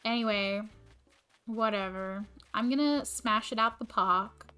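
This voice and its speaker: A woman's voice: mid-range voice, measured pace, sharp tone, clean tone, faint music behind. A woman in her twenties, a teacher who livestreams, venting in casual chat and swearing often. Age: 20s. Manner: exasperated venting, frequent swearing.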